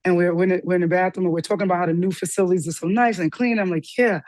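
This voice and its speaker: A woman guest telling a personal story with lively energy, acting out the voices of the people in it. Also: very fast, dry recording. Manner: lively, acts out quoted dialogue with big pitch jumps. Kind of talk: animated storytelling in an interview.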